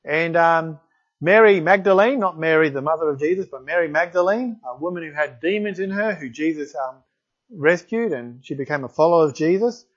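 A man's voice: on the high side, brisk. A man preaching a sermon, reading scripture aloud and exclaiming in wonder at it. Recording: dull lo-fi recording.

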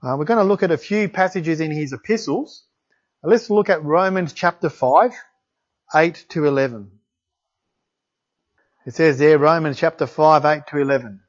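A man's voice: fairly high pitch, normal speed, long pauses. Enthusiastic man preaching. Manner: enthusiastic, exclaims in wonder. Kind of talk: sermon with scripture reading. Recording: dull lo-fi recording.

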